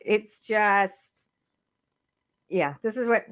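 A woman's voice: a little high, slow pace, long pauses. A middle-aged woman with a Southern accent co-hosts a casual podcast chat. Her voice moves up and down a lot as she rambles along. She often stops to correct herself mid-thought. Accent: American Southern. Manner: rambling, self-correcting, animated. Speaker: podcast co-host.

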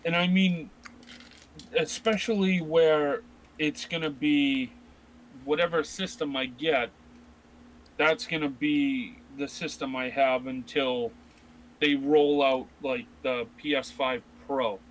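A man's voice: on the high side, steady tone, takes it slowly, a little hiss or hum, rough recording. A man in his thirties co-hosting a casual chat about video games, rambling with many restarts. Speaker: podcast co-host.

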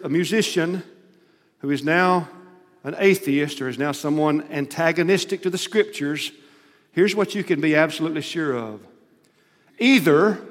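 Emphatic preacher in an echoing hall. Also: male voice, on the high side. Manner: dramatic storytelling, voice rising to emphatic peaks. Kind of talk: sermon. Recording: long hall reverb.

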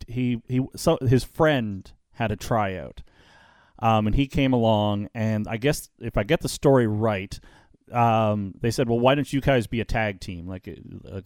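A man's voice: lowish voice, a little mellow, no room sound, studio quality. A man hosting a podcast, telling stories in a rambling way with many restarts and fillers. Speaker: podcast host. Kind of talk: casual podcast chat.

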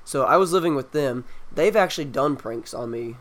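Young man telling a story, animated. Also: medium pitch, moderate pace. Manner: animated, acts out quoted lines. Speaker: storyteller in a group chat. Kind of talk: casual storytelling.

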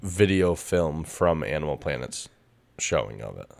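A man with a very low, deep voice trades crude jokes in loose podcast banter. He swears freely and keeps the talk casual and offhand. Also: big pitch swings, measured pace, creaky. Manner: crude, joking, swears a lot. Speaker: podcast co-host. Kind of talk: casual chat.

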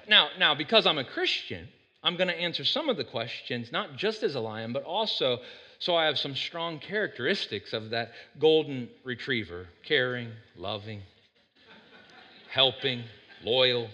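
A man preaching a conversational sermon, often checking in with "right?" and getting louder to stress his points. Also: fairly high pitch, measured pace. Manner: conversational, keeps asking the room "right?"; animated, jumps in loudness when stressing points. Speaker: pastor. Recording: long hall reverb.

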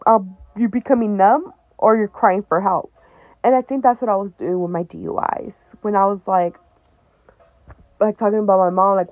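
A woman's voice: mid-range voice, steady tone, normal speed, dry recording. A young woman hosting a podcast, talking candidly and bluntly, swearing often and laughing between heavy points. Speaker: podcast host. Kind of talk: candid personal talk. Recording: dry, tinny phone-like sound.

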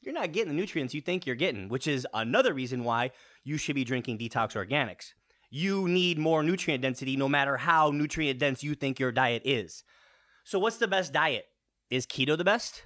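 A man's voice: medium pitch, animated, moderate pace, fairly bright tone. A man in his late thirties with a runny nose, giving a casual fitness vlog, swearing now and then and firing rhetorical questions at his viewers. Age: 30s. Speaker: fitness vlogger.

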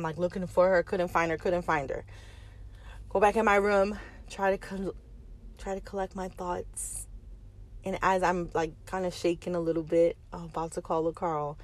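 A woman in her thirties from the United States, telling a personal story in a chatty vlog style with lots of fillers and restarts. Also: on the low side. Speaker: vlogger.

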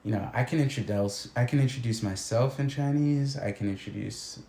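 A man's voice: mid-range voice, brisk, vocal fry, warm tone. A man teacher talking casually and reflectively, often hesitating and restarting sentences. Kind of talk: casual conversation. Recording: echoey room with faint noise.

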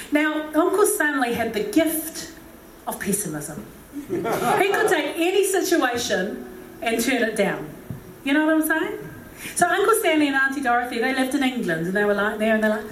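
A woman's voice: a little high, animated, moderate pace, slight background noise. Chatty woman preaching in an echoey hall. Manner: chatty and joking, with many asides. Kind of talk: humorous sermon with storytelling. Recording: echoey hall, distant mic.

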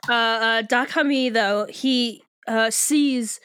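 A woman's voice: a little high, fairly bright tone, clear, resonant tone. A young woman co-hosting a casual book podcast, laughing often and briefly acting out characters' lines. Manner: giggly, acts out characters in quick voices. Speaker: podcast co-host.

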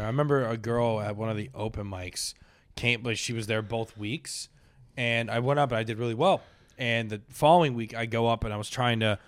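A man's voice: medium pitch, no room sound. Laughing, profane comic man. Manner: laughing, profane storytelling with loud acted quotes. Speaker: stand-up comic, podcast co-host. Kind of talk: casual chat.

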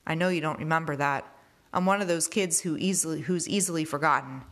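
Marcus, a woman reading as a quiet studious teen boy. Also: low voice, lightly acted. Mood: wistful. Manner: reflective, measured. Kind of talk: reading a novel aloud.

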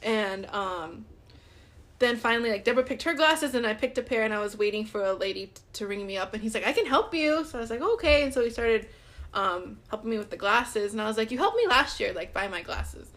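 A woman's voice: medium pitch, fairly quick, fairly bright tone. Chatty young woman telling a story. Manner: chatty, many "like"s, acts out quoted dialogue. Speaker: podcast co-host. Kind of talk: casual storytelling chat.

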